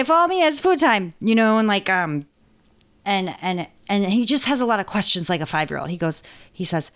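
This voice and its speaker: Woman guest, lowish voice, rambling and self-mocking in casual interview chat. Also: smooth. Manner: chatty, self-deprecating, rambling. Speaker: podcast guest.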